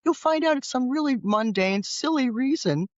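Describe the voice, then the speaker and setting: A woman's voice: sits high, normal speed, dry recording, highs cut off. A woman guest author telling stories animatedly in a conversational interview, often acting out what people said. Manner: animated, acts out voices in her anecdotes. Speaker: guest author and former teacher.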